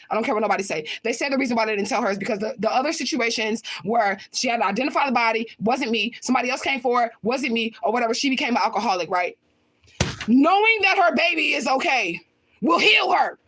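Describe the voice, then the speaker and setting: A woman's voice: high-pitched, expressive, fast talker, a bit bright, husky. A woman livestreaming and answering viewer comments in a blunt, confrontational way, swearing often and repeating her points for emphasis. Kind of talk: casual livestream talk.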